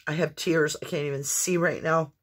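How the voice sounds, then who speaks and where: Husky low-voiced woman reading tarot. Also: steady tone, normal speed. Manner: earnest, exclamatory, talks straight to viewers. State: fits of coughing. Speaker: tarot reader. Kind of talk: intuitive tarot reading monologue.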